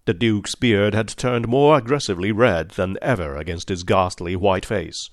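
Male audiobook narrator, fairly low voice, measured and formal, dry close sound. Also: no room sound.

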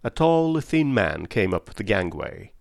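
A man narrating a comic story in the first person with a lively, expressive reading. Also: lowish voice, a little slow, vocal fry, dry recording, studio quality. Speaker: audiobook narrator.

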